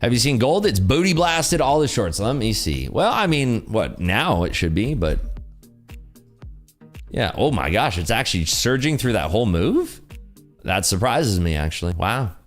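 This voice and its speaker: A man's voice: on the low side, sing-song, moderate pace, faint music behind. A tired man hosting a day-trading livestream, joking and reading chat aloud in casual talk.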